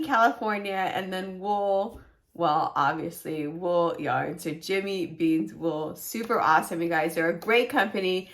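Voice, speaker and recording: A woman vlogger with a slightly high voice gushes her way through an unboxing, doubling up words for emphasis. She takes her time, drawing each phrase out slowly. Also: fairly bright tone. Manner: gushing, repeats words for emphasis. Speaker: crochet vlogger. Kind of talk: excited unboxing chat.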